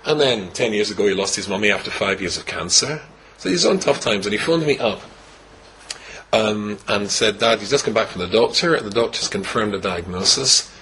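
Animated older Scottish rabbi telling a story. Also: male voice, fairly low pitch, a little fast, slight background noise, low-quality recording. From Scotland. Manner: animated storyteller, wry humor, swings from hushed to exclaiming. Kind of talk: personal story told to a host.

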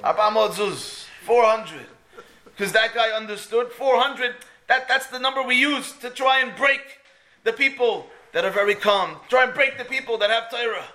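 Animated man teaching a Torah lesson. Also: extremely high pitch. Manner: animated, asks and answers his own questions, mixes in Hebrew phrases. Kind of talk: storytelling Torah talk.

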